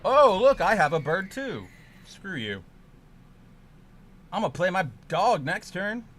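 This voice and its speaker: A man streaming a card game, ranting and swearing, with sudden loud outbursts in casual chat. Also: high voice, big pitch swings, slow pace.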